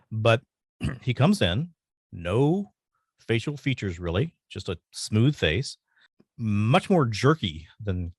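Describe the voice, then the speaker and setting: A man telling a personal story as a podcast guest, earnest and halting, pausing often. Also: lowish voice, no echo, studio quality.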